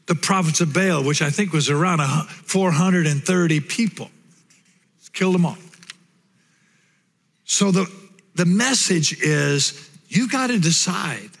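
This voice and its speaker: A pastor preaching a sermon, telling a Bible story in an animated way and putting on playful voices for the characters. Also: male voice, fairly high pitch, measured pace, creaky, pauses often, big-room sound.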